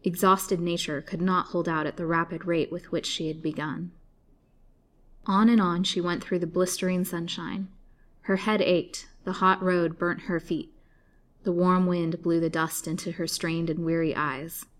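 A woman storyteller reading an old serialized novel aloud in a measured, dramatic way. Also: on the low side, little pitch movement. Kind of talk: scripted narration of a serialized novel.

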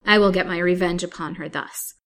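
Woman doing a grim old witch, stubborn, fierce, lowish voice. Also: fairly even intonation, fairly quick, fairly bright tone.

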